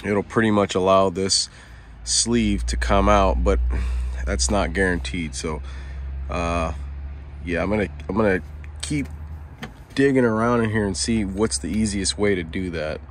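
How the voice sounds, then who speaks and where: A low-pitched voice with a little hiss or hum underneath comes from a man in his truck cab, speaking at a measured pace with long pauses. He explains a repair for a casual how-to vlog, rambling easily with lots of fillers and restarts.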